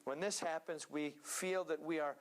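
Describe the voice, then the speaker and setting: A man preaching a sermon in a church, earnest and steady, now and then slipping into joking asides. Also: on the high side, normal speed.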